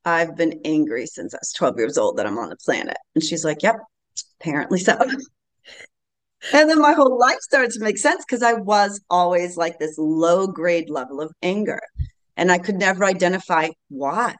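Brief: woman, late fifties, podcast guest, earnest storyteller, slightly low voice. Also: moderate pace. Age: late 50s. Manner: earnest, animated storytelling with frequent laughs. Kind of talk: casual interview storytelling.

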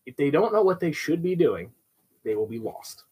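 A young man with a noticeably husky, rough-edged voice explains dog behavior in an instructional way. His pitch moves a lot as he talks, and he leans on everyday examples to make his points. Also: very animated, moderate pace, darkish tone, low-quality recording. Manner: explains with everyday examples, often asks "right?". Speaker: dog trainer. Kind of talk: instructional talk.

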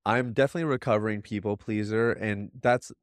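A man's voice: fairly low pitch, steady tone, fast talker, no echo, studio quality. A man in his thirties, a podcast guest, talking earnestly and reflectively in casual conversation, with many restarts.

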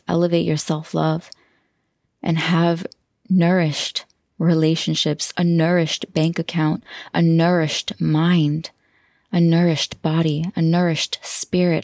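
Female podcast host, low gravelly voice, effusive and heartfelt, dry close mic. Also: no echo. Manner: warm, effusive, emotional, laughs often. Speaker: podcast host and self-love coach.

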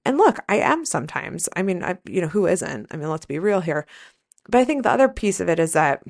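Woman, podcast host, low voice, vocal fry, candid, swears freely, rambling casual monologue. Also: big pitch swings, a little fast. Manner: candid, profane, rambling storyteller. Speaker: podcast host, nurse and coach.

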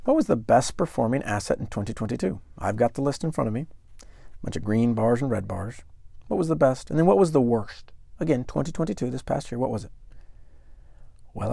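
A man's voice: medium pitch, big pitch swings, a little fast, creaky, darkish tone, slightly rough, dry recording, studio quality. A man hosting a solo investing podcast, talking conversationally and emphatically and putting questions to the listener. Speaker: podcast host.

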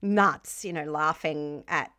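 A woman hosting a casual interview, bubbly and quick to laugh. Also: low voice, pushed and bright. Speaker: host.

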